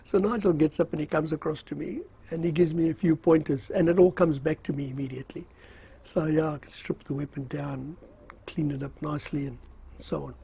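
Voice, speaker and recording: Older male storyteller, husky and gravelly, rambling, self-deprecating. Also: a little high, steady tone, a little fast, warm tone. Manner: rambling, self-mocking, with frequent fillers and chuckles. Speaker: storyteller recalling army service. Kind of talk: casual spoken memoir.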